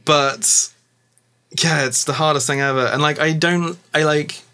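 A man's voice: fairly high pitch, steady tone, unhurried, pushed and bright. A man chatting casually on a podcast about playing and running tabletop games, rambling with many filler words. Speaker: tabletop game player and game master.

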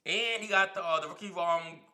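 A man co-hosting a sports podcast, casual and animated, teasing his co-host. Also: sits high, brisk.

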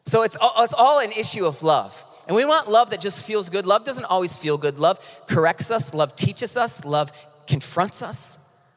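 A man preaching as pastor in a casual, impassioned sermon that swings between loud and hushed, with frequent restarts. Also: high voice, animated, normal speed. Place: church sanctuary. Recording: long reverb of a large hall.

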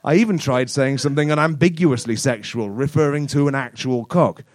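A man telling a crude improvised comic story at a live show, deadpan and often laughing. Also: medium pitch, a little fast, no room sound, studio quality.

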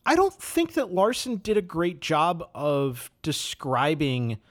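A man's voice: a little high, wildly swooping pitch, takes it slowly. A man from Wisconsin, a podcast host, reflecting casually on a book with many "you know"s. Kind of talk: casual chat.

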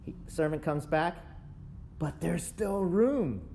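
A man's voice: a little high, creaky, slight background noise. A man preaching in a casual, conversational way, acting out excuses and checking in with "right?" as he goes. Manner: lively, acts out excuses in quick asides. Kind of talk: conversational sermon.

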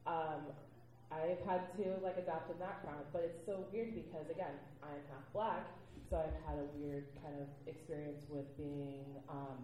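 A woman's voice: low voice, fairly even intonation, moderate pace, heavy reverb, background noise. A woman on a discussion panel, telling stories animatedly, laughing often and acting out the voices she quotes.

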